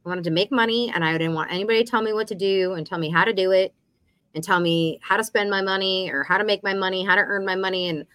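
A woman's voice: mid-range voice, steady tone, quick pace, a bit bright, dry recording. A woman in her thirties co-hosting a casual podcast, telling stories and acting out past conversations. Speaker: podcast co-host. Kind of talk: casual chat.

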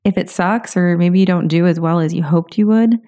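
A woman's voice: fairly low pitch, a little fast, dark tone. A woman hosting a solo podcast as a coach, talking in a loose, encouraging way with lots of "you know" and "like".

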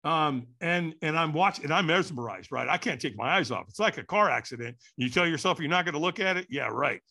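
A man telling a story as a podcast guest, animated and acting out quotes with sudden shouts. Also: a little high, brisk, creaky.

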